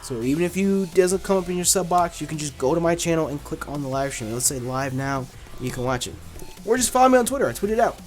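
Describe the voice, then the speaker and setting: A man's voice: a little high, expressive, fast talker, a little mellow, faint music behind. A man hosting a casual gaming channel, answering viewer questions in a laid-back, blunt way with lots of fillers. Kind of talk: casual Q&A chat.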